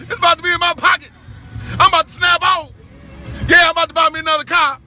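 A man recording himself in his car, talking in an exuberant, shouting, whooping way with preacher-like exclamations. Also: extremely high pitch, little pitch movement, fast talker, a faint crowd. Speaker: vlogger. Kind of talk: excited celebratory monologue. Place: inside a car. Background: faint music playing.

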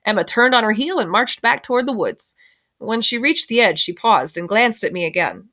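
A woman's voice: a little high, lively intonation, normal speed, a bit bright. Woman teacher reading a novel aloud. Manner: plain storytelling, self-corrections.

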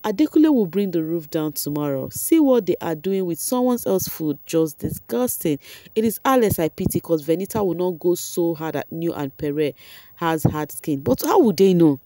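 A Nigerian woman commenting on a reality show in a casual, excitable way, laughing often and talking straight to her viewers. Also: lowish voice, moderate pace, no room sound.

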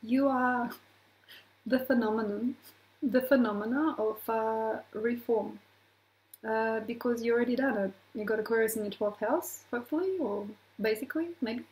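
A woman astrologer talking casually to her viewers, animated, acting out little quoted voices and laughing often. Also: fairly high pitch, normal speed, poor audio. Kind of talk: casual astrology talk to camera.

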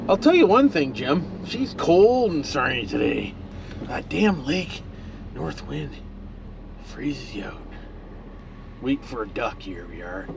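A man's voice: mid-range voice, very animated, normal speed, gravelly, highs cut off. A middle-aged man rambling folksily to the camera as he drives an old pickup truck. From Ontario, Canada. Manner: folksy, rambling, talks to passing animals. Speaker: vlogger. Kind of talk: casual driving commentary. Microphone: camera mounted in the truck cab. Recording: loud engine and road noise in a truck cab. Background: engine and road noise.

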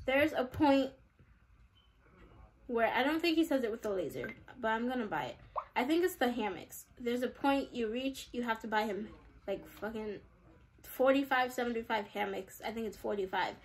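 A woman's voice: fairly high pitch, moderate pace, slight background noise. A young woman vlogger giving casual, chatty commentary while playing a game, with giggly, exaggerated reactions. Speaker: gaming vlogger.

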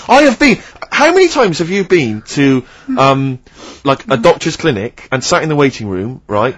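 A man's voice: a little high, very animated, moderate pace, fairly bright tone, slightly rough, dry recording. A man co-hosting a radio show, telling stories about his co-host in an exasperated, teasing way during casual banter.

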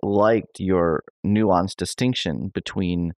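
A man's voice: sits low, slow pace, a little mellow, no room sound. A man hosting a podcast interview, enthusiastic and thinking aloud with lots of fillers. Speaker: podcast host. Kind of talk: conversational interview.

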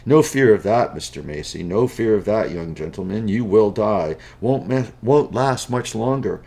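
A man's voice: lowish voice, lively intonation, moderate pace, creaky, dark tone. A man voicing a sly, scheming male slug seller who talks in an oily, wheedling, folksy way in a spoken storybook. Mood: falsely apologetic.

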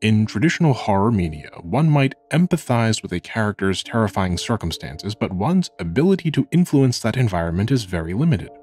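A man's voice: fairly low pitch, very animated, a little mellow, faint music behind. Earnest man narrating a video essay. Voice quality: slight vocal fry. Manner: measured, earnest and reflective.

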